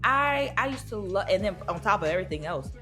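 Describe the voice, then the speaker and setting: A woman's voice: mid-range voice, lively intonation, a little fast, bright, forceful tone, faint music behind. A woman in her thirties hosting a podcast, chatting casually and laughing, often slipping into playful voices. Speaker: podcast host. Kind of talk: casual nostalgic podcast chat.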